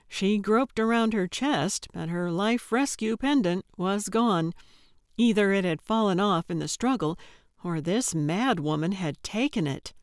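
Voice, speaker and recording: A woman reading a cozy mystery audiobook at a slow, unhurried pace. Her mid-pitched voice is recorded close and dry, with no room echo. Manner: measured, unhurried storytelling. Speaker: audiobook narrator. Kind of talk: scripted narration.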